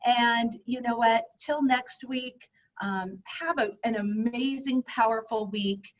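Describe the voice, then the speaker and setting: A woman hosting an upbeat podcast interview in a fairly high voice. She talks in an effusive, encouraging way and keeps praising her guests. The audio is dull and lo-fi. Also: slow pace. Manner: effusive, encouraging, lots of "I love it". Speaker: podcast host.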